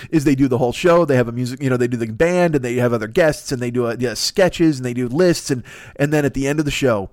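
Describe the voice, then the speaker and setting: A man hosting a podcast, telling stories in a rambling, profane, excitable comedic monologue. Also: mid-range voice, quick pace, no room sound, clean studio sound. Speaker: podcast host.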